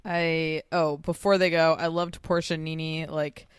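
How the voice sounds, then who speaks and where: A woman's voice: deep voice, little pitch movement, a little slow, smooth, no room sound, studio quality. A woman co-hosting a podcast in casual chat, blunt and sarcastic, swearing freely. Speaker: podcast co-host.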